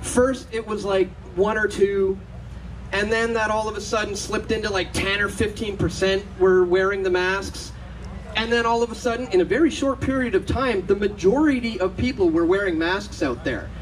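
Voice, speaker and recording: On a conference stage, a man with a high voice gives a storytelling talk at a moderate pace, sharing anecdotes, acting out other people's voices, and laughing often. The low-quality recording is made from a distance and has a little hiss or hum.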